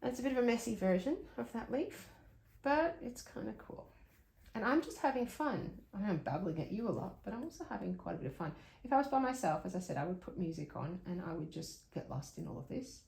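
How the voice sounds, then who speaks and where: A woman's voice: mid-range voice, very animated, brisk, vocal fry, a little mellow, reverberant. A woman giving a casual drawing lesson, chatting and reflecting aloud to the viewer as she works. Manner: chatty, reflective, laughs often, talks to viewer while drawing. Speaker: art tutor.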